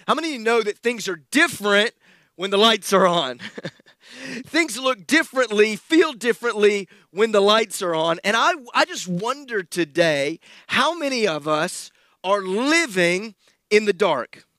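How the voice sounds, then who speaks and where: A man from South Alabama, preaching a sermon and telling a personal story with self-deprecating humor and animated, sometimes loud delivery. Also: high voice, measured pace, dry recording. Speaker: pastor.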